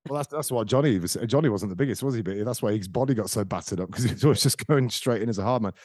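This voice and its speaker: A man's voice: on the low side, racing, darkish tone, no room sound, studio quality. A man hosting a casual football podcast, telling rambling, jokey anecdotes. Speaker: podcast host.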